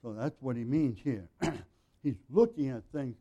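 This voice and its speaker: A male pastor giving an earnest, conversational sermon, often clearing his throat. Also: mid-range voice, expressive, moderate pace, mellow. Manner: frequent throat clearing, earnest and plain-spoken.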